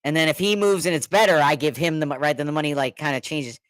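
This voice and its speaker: A middle-aged man telling a story in casual chat, animated, laughing often and acting out what others said. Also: on the high side, quick pace, no echo. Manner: animated, laughing, repeats words, acts out quotes.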